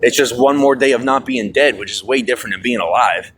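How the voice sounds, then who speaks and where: A stressed, fired-up man venting on a livestream, swearing often and swinging from loud outbursts to low mutters. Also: fairly quick, slight background noise. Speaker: livestream host. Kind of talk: angry livestream rant. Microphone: phone.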